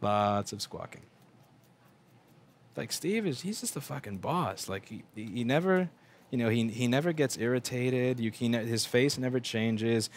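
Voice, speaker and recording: A man's voice: mid-range voice, normal speed, a little hiss or hum. A man talks off the cuff on a livestream from his repair bench, blunt and profane. He stops and restarts sentences and leans on fillers, in a mid-range voice. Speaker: livestream host and repair technician. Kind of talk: rambling casual livestream talk. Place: repair shop workbench.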